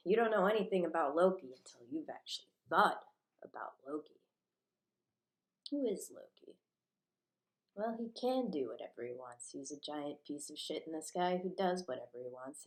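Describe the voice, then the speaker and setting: A woman's voice: lowish voice, darkish tone, roomy sound. A woman ranting in a rambling, profane monologue.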